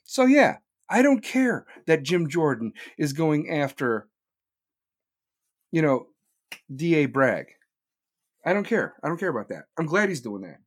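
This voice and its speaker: A man's voice: a little high, very animated, unhurried, pauses often, no room sound, studio quality. Heated, profane male podcast host. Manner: profane, heated, rhetorical questions. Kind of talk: live podcast rant.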